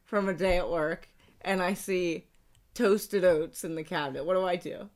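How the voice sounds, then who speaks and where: A woman in casual chat with her spouse, animated and playful, laughing often as she talks. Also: fairly low pitch, normal speed.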